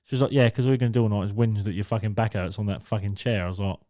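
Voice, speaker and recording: A man's voice: on the low side, steady tone, rapid-fire, dark tone. A young man co-hosting a podcast, telling stories in a sarcastic, swearing, casual way. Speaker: podcast co-host. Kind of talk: casual chat.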